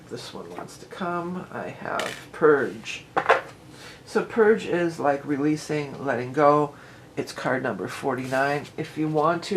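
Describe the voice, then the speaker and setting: A woman reading tarot cards to camera in a casual, rambling way. She often restarts her sentences and reads card verses aloud slowly. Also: a bass voice, a little hiss or hum, low-quality recording. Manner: chatty and rambling, with frequent restarts and "you know".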